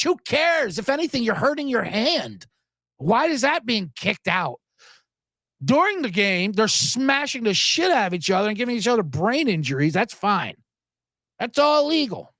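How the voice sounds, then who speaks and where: A man's voice: high-pitched, very animated, normal speed, fairly bright tone, dry recording. A man hosting a sports podcast, ranting with profanity, chuckling asides and plenty of energy. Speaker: podcast host. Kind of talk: profane sports commentary rant.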